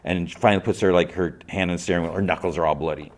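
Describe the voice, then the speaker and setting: A man's voice: low voice, steady tone, very fast. A man hosting a podcast, recapping a TV episode casually with many fillers and restarts. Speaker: podcast host.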